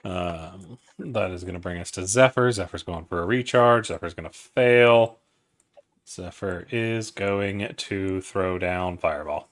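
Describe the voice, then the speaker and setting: A man serves as game master of a tabletop game. His voice sits low and he takes his time, calling out rolls and damage matter-of-factly with an occasional curse. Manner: measured, matter-of-fact, profane.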